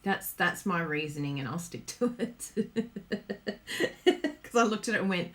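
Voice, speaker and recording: An Australian woman with a lowish, expressive voice hosts a live-streamed card-making demo at a measured pace. She's chatty and giggly, talking to viewers as she works and reading their comments aloud.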